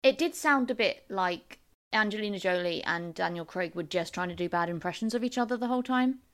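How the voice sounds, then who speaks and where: A woman's voice: mid-range voice, fairly quick. A woman co-hosting a podcast in casual chat, asking wry, teasing questions. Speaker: podcast co-host.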